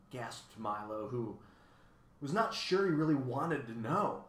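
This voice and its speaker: A man's voice: mid-range voice, lively intonation, slow, fairly bright tone. A man reading a children's novel aloud, with casual asides to viewers, recorded in an echoey room. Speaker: reader.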